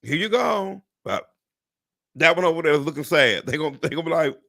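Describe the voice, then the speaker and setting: A man hosting a casual live stream as a real estate agent, his voice sitting a little high and swooping all over as he talks. There is a gravelly rasp running under his words. He is loud in his reactions, swears freely and addresses viewers as "y'all". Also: fairly quick. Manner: animated and exclamatory, swears and laughs often.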